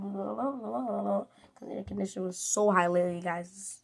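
Slow, giggly woman doing game commentary. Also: medium pitch, creaky, slightly rough. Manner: playful, rambling, giggly. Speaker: gaming video creator. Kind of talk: casual gameplay commentary.

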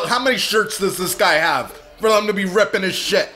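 A foul-mouthed man reacts to a movie as he watches, blurting out excitable comments in a voice set a little high for a man. A faint film soundtrack plays behind him. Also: normal speed, hardly any pauses, soft background music. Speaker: reaction video host.

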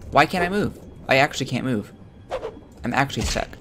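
A man giving crude, joking commentary while playing a video game, with loud excited outbursts. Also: mid-range voice, a little fast, background noise. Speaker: gamer streaming his own play. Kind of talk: profane let's-play commentary.

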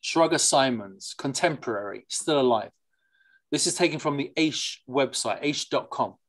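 A lively, digressive class teacher reads texts aloud and unpacks them in an informal lecture. The voice sits at a middling pitch and keeps turning to the listeners with questions, with Yiddish and Hebrew words mixed into the talk. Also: normal speed. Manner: mixes in Yiddish and Hebrew terms. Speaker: teacher leading a study class.

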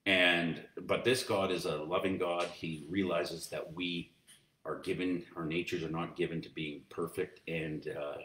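A man's voice: sits low, steady tone, unhurried, a bit bright. A man preaching as pastor, teaching in a conversational way with many fillers and restarts. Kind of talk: sermon. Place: church. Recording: roomy echo, distant mic, faint noise.

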